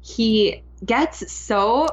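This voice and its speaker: A woman's voice: fairly high pitch, animated, drawn-out words. Chatty young woman on a dull line. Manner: chatty, laughs often, lots of "like". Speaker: podcast guest. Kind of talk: casual interview chat.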